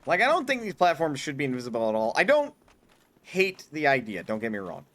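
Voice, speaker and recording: A man commentates his own game run in a casual, profane way. His voice sits at a middling pitch but leaps up and down a lot. He breaks into mock-grand proclamations and frustrated curses. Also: huge pitch swings, brisk, fairly bright tone. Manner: swears often, swings between mock-grand speeches and frustrated outbursts. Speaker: streamer.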